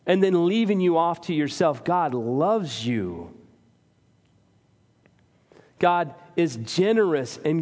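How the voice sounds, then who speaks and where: A male pastor with a high, light voice delivers a sermon in a church sanctuary. He preaches in an earnest, conversational way, joking at his own expense. His voice carries a long reverb from the hall around him. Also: a little mellow. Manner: earnest, conversational preaching with self-deprecating humor.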